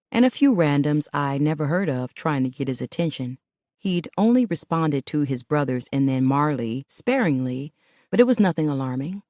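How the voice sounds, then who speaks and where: A woman with a notably low, deep voice reads a first-person audiobook in an intimate, emotional way. The recording is dry and close, with no room sound. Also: darkish tone, dry recording. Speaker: audiobook narrator.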